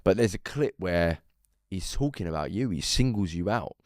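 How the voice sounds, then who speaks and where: A man hosting a casual interview, curious and prodding with quick questions, swearing casually. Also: sits low, animated, no room sound, clean studio sound. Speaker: podcast host.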